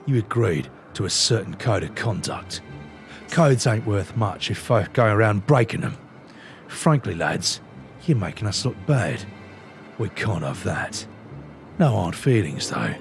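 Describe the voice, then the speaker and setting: A cocky sky pirate captain, as a man voices him over a game, growls his lines lower than his own voice. He swaggers and swears his way through every sentence, and his pitch still swings around as he goes. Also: very animated, unhurried, over music. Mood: swaggering. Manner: swaggering, swears freely, rough slang.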